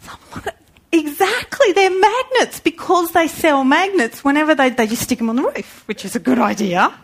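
A woman speaks to a congregation with a voice sitting a little higher than most. She tells her story in a lively way and slips into the voices of the people she met. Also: moderate pace. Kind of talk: storytelling sermon.

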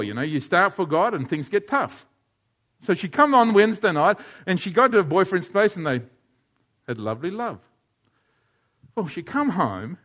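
A man preaching a sermon, telling stories and speaking to listeners by name. He drops to hushed, quiet passages and then rises to loud, shouted climaxes. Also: sits high. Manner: addresses listeners by name, tells anecdotes.

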